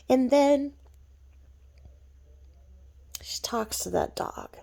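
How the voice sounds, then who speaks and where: A woman's voice: fairly low pitch, lively intonation, normal speed, gravelly, a little mellow. A woman ranting in a gossipy vlog, mocking someone and dropping to whispered asides. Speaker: vlogger.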